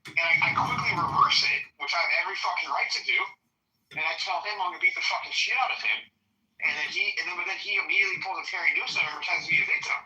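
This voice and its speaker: A man in casual podcast chat, swearing a lot as he tells an animated story. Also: high-pitched, very fast, a little hiss or hum. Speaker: podcast host. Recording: roomy echo, mic at a distance.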